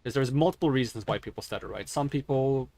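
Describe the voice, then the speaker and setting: A man's voice: mid-range voice, fast, vocal fry, mellow. Guy streaming on a headset, stumbles and restarts words a lot, rambly. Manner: stuttering, self-correcting, rambling. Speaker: game streamer. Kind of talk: casual gaming stream talk.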